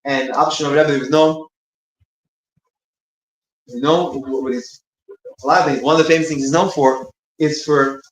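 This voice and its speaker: A man's voice: on the high side, fairly even intonation, normal speed, pauses often. A man giving an informal teaching talk, rambling and restarting as he searches for words. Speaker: speaker giving a short talk between prayers. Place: synagogue room. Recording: echoey room.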